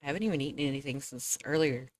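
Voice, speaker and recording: A woman's voice: very deep voice, very fast, no room sound, clean studio sound. A young woman streaming a game, chatting casually with her viewers and laughing often as she plays. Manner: chatty, laughs often, talks to chat and to herself. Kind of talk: casual live-stream chat while gaming.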